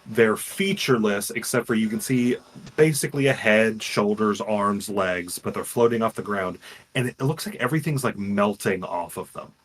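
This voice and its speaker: Casting: young male podcast co-host, slightly low voice, rambling animated retelling. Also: moderate pace. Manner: rambling, restarts often, animated storytelling. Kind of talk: casual chat, retelling a game.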